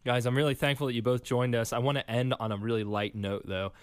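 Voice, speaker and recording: A man's voice: mid-range voice, steady tone, quick pace, clean tone, no echo, studio quality. A man hosting a seminary podcast interview, friendly, upbeat and chatty. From Philadelphia, USA. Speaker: podcast host. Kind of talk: casual interview chat.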